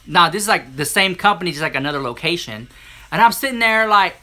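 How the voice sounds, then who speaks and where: A man chatting to a live-stream audience, telling a story in an animated, sassy way and acting out the other people in it. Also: sits high, fast talker. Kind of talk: casual storytelling to a live chat.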